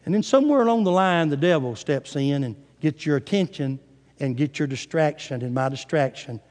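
Animated preacher, man, echoing hall. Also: a little high, a little fast. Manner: animated, dramatic scripture retelling. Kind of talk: sermon. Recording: long hall reverb.

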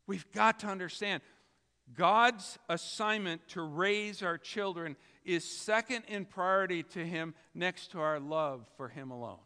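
Bright-voiced preacher in a reverberant hall. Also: male voice, sits high, measured pace, clear, resonant tone. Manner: storytelling, emphatic. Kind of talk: sermon. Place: church.

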